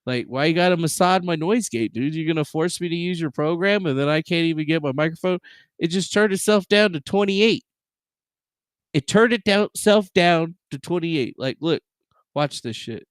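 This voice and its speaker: Annoyed guy streamer cussing out his mic settings, kinda high voice, dry close sound. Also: lively intonation, normal speed, dry recording. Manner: exasperated, profane, talks to his software. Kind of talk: casual livestream rant. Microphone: desk microphone with noise gate.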